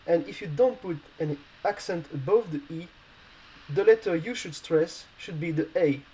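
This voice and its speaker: Male language tutor, non-native English speaker, somewhat high voice with a mellow tone, halting and full of fillers. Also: slightly rough, rough recording. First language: not English. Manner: hesitant, many fillers and restarts. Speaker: language teacher. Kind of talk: explaining a grammar lesson.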